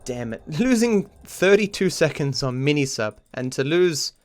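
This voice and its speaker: A man's voice: on the high side, sing-song, a little slow, slight background noise. A man commentating his own speedrun on a livestream, swearing often and chatting to viewers, frustrated and self-mocking. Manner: swears often, talks to chat between attempts. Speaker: speedrunning streamer. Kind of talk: live gameplay commentary.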